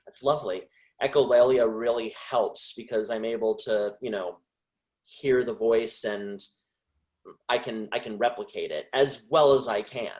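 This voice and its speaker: Halting male voice actor guest. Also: on the low side, a little mellow. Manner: halting, with frequent restarts and trailing phrases. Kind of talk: casual interview chat.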